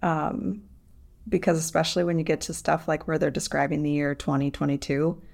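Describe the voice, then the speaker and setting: A woman's voice: deep voice, fairly even intonation, brisk, creaky, darkish tone. A woman co-hosting a podcast in casual chat, hesitant and full of fillers. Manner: hesitant, lots of fillers and likes. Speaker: podcast co-host.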